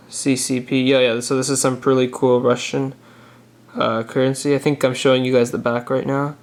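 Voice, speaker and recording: A young man talking casually through his banknote collection for a vlog, relaxed and halting, pausing with "uh" as he reads dates off the notes. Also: medium pitch. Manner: relaxed, halting, many "uh" pauses while reading notes. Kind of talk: casual show-and-tell vlog.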